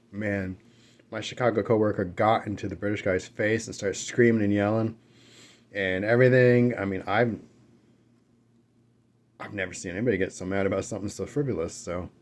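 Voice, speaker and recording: Low-voiced man chatting while eating. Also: moderate pace, pauses often, slight background noise. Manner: rambling, relaxed, with fillers and self-corrections. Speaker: mukbang vlogger. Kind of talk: casual eating chat and storytelling. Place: at home with dogs nearby.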